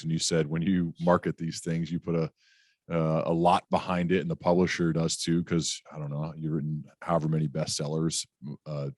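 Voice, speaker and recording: Very deep-voiced male podcast host. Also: darkish tone, no room sound, studio quality. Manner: searching, filler-heavy questioning. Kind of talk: interview questions.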